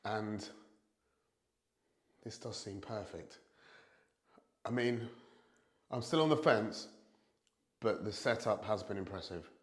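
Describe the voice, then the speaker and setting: A man's voice: on the low side, slow, pauses often. Chatty British man in a roomy room. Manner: chatty, self-deprecating, thinking aloud. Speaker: product reviewer. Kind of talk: casual review vlog.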